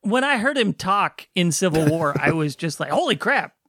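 Podcast co-host, mid-pitched, dry sound, laughs a lot and hedges. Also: very animated, moderate pace, a bit bright, dry recording. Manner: giggly, hesitant, filler-heavy. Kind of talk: casual chat.

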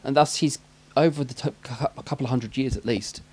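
A man's voice: mid-range voice, brisk, darkish tone, husky. English male co-host, casual rambling banter, laughs a lot. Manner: jokey, rambling, laughs often. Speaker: podcast co-host. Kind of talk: casual chat about a film.

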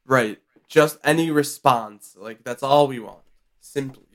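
A man co-hosting a comedy podcast, chatting in a relaxed, easygoing way. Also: mid-range voice, measured pace. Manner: easygoing, laughs often. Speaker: podcast co-host. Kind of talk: casual comedic chat.

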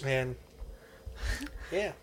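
A man's voice: extremely slow, fairly bright tone, slight background noise. A young man co-hosting a podcast, chatting casually in an earnest, rambling way full of fillers. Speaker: podcast co-host. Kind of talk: casual chat.

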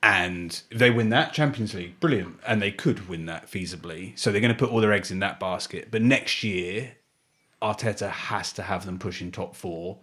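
A man's voice: on the low side, normal speed, a bit bright. A man hosting a casual football podcast, steering topics and asking blunt questions. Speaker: podcast host.

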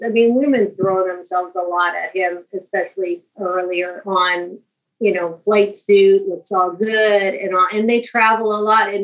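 Frank woman in a dull lo-fi recording. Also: mid-range voice. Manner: frank, chatty. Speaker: interviewee. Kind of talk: candid interview talk. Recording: dull lo-fi sound.

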